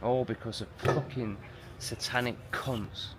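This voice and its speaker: English dude vlogging on a gimbal cam, swears a lot, loud then muttery, music behind. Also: male voice, mid-range voice, fairly even intonation, moderate pace. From England. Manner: sweary, ranting, swinging between loud bursts and muttering. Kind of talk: casual vlog monologue. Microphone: handheld camera on a gimbal.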